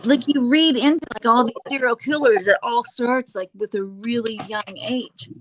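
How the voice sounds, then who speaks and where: A woman hosting a casual true-crime chat, halting with fillers and restarts and dropping sarcastic asides. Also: on the high side, steady tone, noisy background. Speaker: host.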